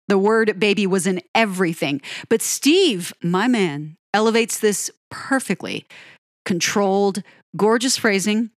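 A woman giving an admiring, unhurried commentary on a pop ballad. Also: mid-range voice, animated, no room sound, clean studio sound. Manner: admiring, lingers on phrases, sings lyric snippets. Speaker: music reviewer. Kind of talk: song-by-song music commentary.

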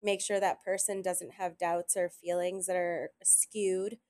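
A woman chatting casually on a podcast, telling animated stories and quoting people often. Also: fairly low pitch, measured pace. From Italian heritage. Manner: animated storyteller, quotes others often. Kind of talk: casual chat.

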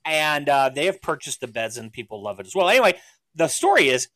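A man's voice: on the high side, sing-song, a little fast, sharp tone, no echo. A man hosting a podcast in casual chat, rambling through stories and laughing often. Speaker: podcast host.

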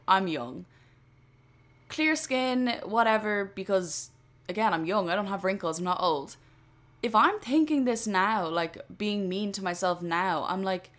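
A young woman of twenty hosts a casual solo podcast. She talks in an earnest, chatty way and leans on "like" as a filler. Her pitch sits at an ordinary middle level for a woman. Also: fairly bright tone. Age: 20s. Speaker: podcast host.

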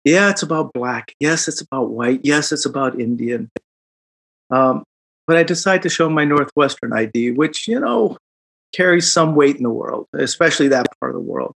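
A middle-aged man, recounting a personal story in an interview, animated and reflective, with quick laughs and fillers. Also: a little high, creaky. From Chicago, United States. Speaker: guest.

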